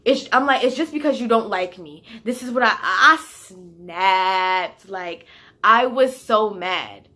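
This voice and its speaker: Bright-voiced young woman telling a story. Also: medium pitch, takes it slowly. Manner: animated, heated retelling with slang and swearing. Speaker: vlogger. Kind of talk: casual storytime.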